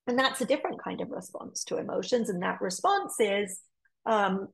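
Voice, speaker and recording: A woman's voice: medium pitch, expressive, normal speed, gravelly, slightly rough, low-quality recording. A woman child psychologist gives a webinar talk to parents on a computer mic, explaining her points and acting out example dialogues. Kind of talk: lecture to parents.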